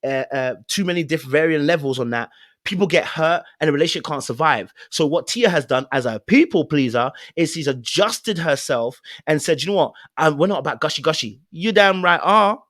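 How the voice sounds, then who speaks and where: Host, male, fairly high voice, dry close sound, earnest and animated breakdown of a clip. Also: moderate pace, dry recording. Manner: earnest and animated, direct address to the viewer. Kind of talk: relationship commentary on a video clip.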